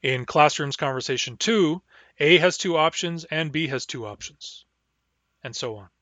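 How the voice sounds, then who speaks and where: A man teaching a language lesson, explaining grammar and modeling words slowly and carefully for learners to repeat. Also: on the high side, bright, forceful tone, dry recording, muffled recording. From Barclay Sound region, Canada. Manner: patient, slow model pronunciations for repeating.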